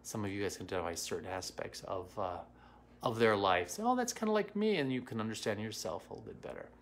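A middle-aged psychic medium livestreams casually from home in Washington, D.C., welcoming viewers by name and replying to comments, filler words throughout. He talks quickly in a lowish, slightly bright voice.

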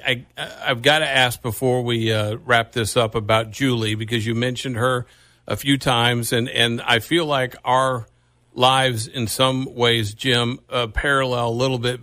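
A man interviewing a guest in an earnest, halting way with frequent restarts. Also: mid-range voice, little pitch movement, bright, forceful tone, no room sound, clean studio sound. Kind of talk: conversational interview.

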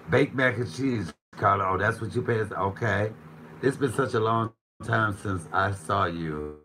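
A man with a fairly low voice runs a casual live cooking stream from his home kitchen. He reads out viewer comments, jokes freely and keeps the banter going. A faint bit of room ambience sits under his voice. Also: measured pace, sharp tone, slight background noise, poor audio. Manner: playful, joking, chatty.

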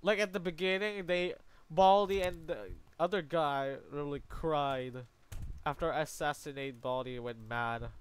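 A man doing let's play commentary from a room at home, excitable and prone to yelps and shrieks when scared. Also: fairly high pitch, a little slow, clear, resonant tone. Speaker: gaming YouTuber. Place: home room with a fan running.

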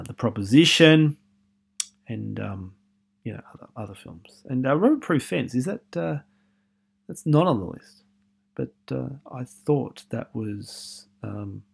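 A man's voice: on the high side, slightly rough. Aussie guy lecturing on film, lots of ums, blunt opinions, asks the class stuff. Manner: chatty and opinionated, many fillers, questions the students. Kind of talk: university lecture.

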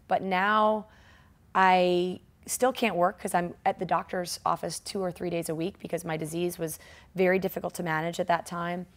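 A woman's voice: fairly low pitch, normal speed. A woman in her forties, a triathlete guest, telling a story in a casual interview, laughing and acting out quotes. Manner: animated, laughing, acts out quotes.

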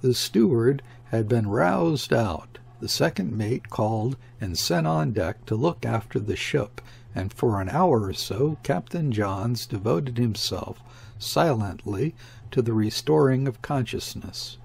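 A man reading a classic short story aloud as an audiobook narrator, measured and steady. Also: medium pitch, creaky, breathy edge. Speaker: audiobook reader. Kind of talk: scripted narration.

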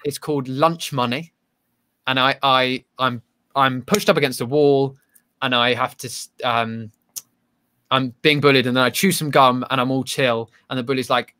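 Man, actor guest, casual chat, self-deprecating, bright. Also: mid-range voice, fairly even intonation, moderate pace, clean tone. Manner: rambling, self-deprecating, many restarts.

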